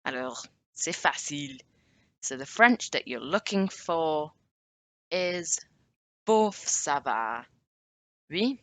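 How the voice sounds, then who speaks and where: A woman talks through a language lesson in a loose, chatty way, pausing to correct herself. Her voice sits low and moves slowly, with a bright, forward tone. She drags out each example phrase so it can be copied. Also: lively intonation. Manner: chatty, self-correcting, drawn-out French examples. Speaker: language teacher. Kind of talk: casual video lesson.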